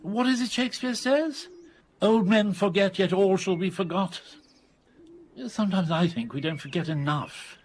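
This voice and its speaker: A man's voice: sits high, moderate pace, slight background noise, lightly acted. Actor playing a sardonic grumpy old man. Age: older. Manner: dry, world-weary, sardonic. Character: grumpy elderly English expatriate man, sardonic. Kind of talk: radio comedy drama.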